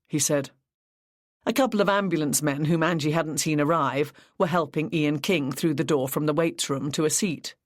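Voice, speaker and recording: An audiobook narrator reading a mystery novel in an even, measured way. The voice sits at a middle pitch and the recording is dry and close, with no room around it. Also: no echo. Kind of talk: scripted narration.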